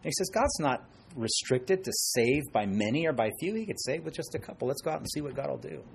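A middle-aged male pastor preaching a sermon in an animated way, dropping into quiet asides and acting out quoted voices. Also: mid-range voice, a little fast, gravelly, a little hiss or hum.

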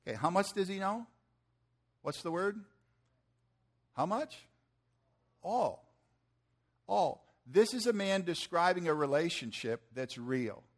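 A man's voice: high-pitched, expressive, takes it slowly, pauses often. A man in his fifties preaching a sermon in a conversational way, asking the audience questions and acting out quotes in slangy lines. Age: 50s. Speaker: pastor.

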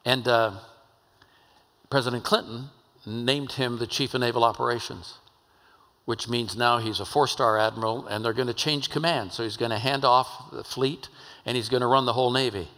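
A man's voice: mid-range voice, steady tone, normal speed, a bit bright. An older man, a pastor, telling a story in a conversational sermon in a church. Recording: long hall reverb.

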